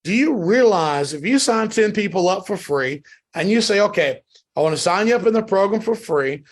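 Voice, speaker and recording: A man giving a sales training talk on a call, emphatic and repetitive in a motivational pitch. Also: expressive, normal speed. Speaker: network marketing trainer.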